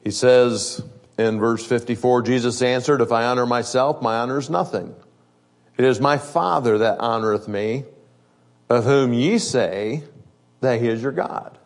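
Male preacher, mid-pitched, sermon delivery, reads scripture then explains it conversationally, pace varies to stress points. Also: measured pace.

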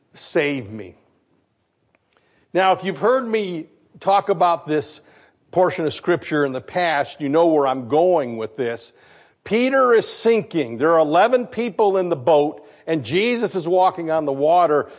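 A man from Michigan, a pastor preaching a sermon, animated and putting questions to his congregation. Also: a little high. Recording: dull lo-fi recording.

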